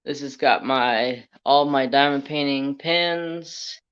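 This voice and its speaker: A man chats on a homemade crafting livestream, wandering from one salty story to the next as he greets people in the chat. His voice sits at a middling pitch. It comes through a dull, lo-fi phone recording. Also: slow, a bit bright. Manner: rambling, salty storytelling while reading live chat. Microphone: handheld phone.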